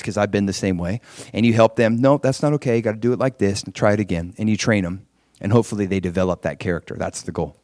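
A middle-aged man preaches a sermon conversationally and with animation, acting out the voices he quotes. His pitch is medium, and the recording is dry and studio quality.

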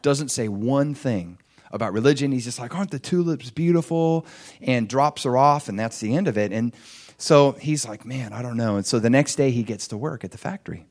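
A man preaching, telling a story in an animated way, chuckling and acting out what people said. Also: mid-range voice, moderate pace. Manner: animated, chuckling storyteller who acts out quotes. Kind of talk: sermon storytelling.

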